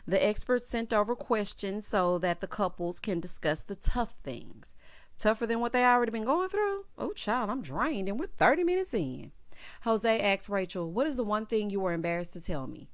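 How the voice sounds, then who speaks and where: A woman's voice: medium pitch, expressive, moderate pace. Sassy woman recapping reality TV. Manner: sassy, chatty, full of "honey" and "child" asides. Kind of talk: casual commentary recap.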